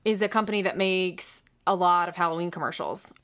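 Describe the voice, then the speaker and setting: A woman co-hosting a podcast in casual chat, animated and quick to laugh. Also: fairly low pitch. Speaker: podcast co-host.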